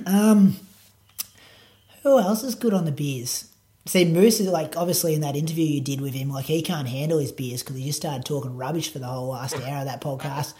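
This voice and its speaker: A man's voice: a little high, moderate pace, warm tone. A man with an Australian accent, a running podcast producer and coach, chatting casually in an interview with lots of fillers. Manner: laid-back, rambling, lots of fillers.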